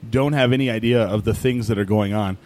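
Recorded in a distillery, a podcast co-host tells animated stories during a casual chat, acting out what people said. His voice is on the low side and he talks a little fast.

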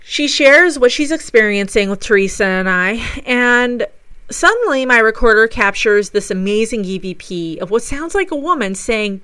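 A woman recounts a ghost investigation as a paranormal investigator, telling it with eager enthusiasm. Her voice is bright and smooth, and it sits close and dry with no room around it. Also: a little high, animated, moderate pace, no room sound. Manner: enthusiastic storytelling. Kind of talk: narrated recap of a ghost investigation.

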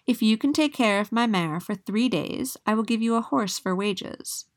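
A woman's voice: fairly high pitch, moderate pace, close to an everyday voice. A woman reading as a stern old mountain witch.

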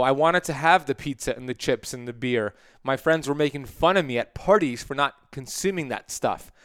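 A man in his thirties hosts a motivational podcast, speaking with energy and emphasis. His voice is smooth and resonant at a middle pitch. The sound is close and dry. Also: fairly bright tone, no room sound. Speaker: podcast host.

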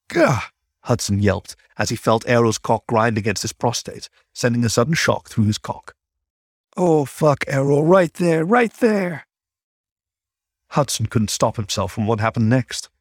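A man narrating a scripted story at a calm, even storytelling pace. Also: mid-range voice, breathy edge, dry recording, studio quality.

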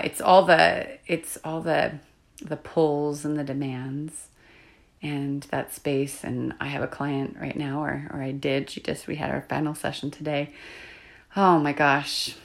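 Low-voiced woman coach with vocal fry, soft and confiding monologue. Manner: soft-spoken, confiding, drifts into whispers. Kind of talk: reflective solo podcast monologue.

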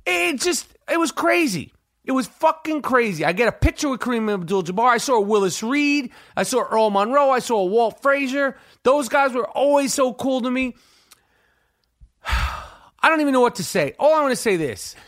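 A middle-aged man hosting a podcast, telling a rambling, profane story full of slang and excitement. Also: very high voice, moderate pace. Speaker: podcast host. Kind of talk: casual storytelling monologue.

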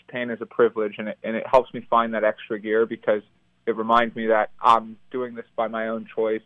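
A man's voice: lowish voice, dry recording. Upbeat young man on a tinny phone line. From United States. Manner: upbeat, laughs easily. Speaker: professional triathlete guest. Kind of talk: phone-in interview.

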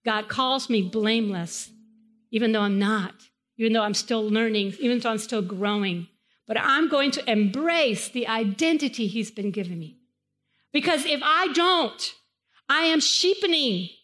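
A woman with a Spanish accent preaches a sermon in a chapel. Her voice sits a little high, and she drives each point home by repeating phrases with emphasis. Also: lively intonation, moderate pace, a bit bright. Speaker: pastor. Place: church chapel.

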